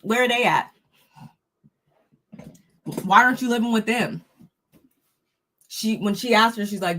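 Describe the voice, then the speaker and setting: A woman's voice: mid-range voice, a little slow, pauses often, a bit bright. A woman giving a casual, opinionated recap of a reality show, talking freely with frequent restarts. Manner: chatty, opinionated, restarts often. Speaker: recap host.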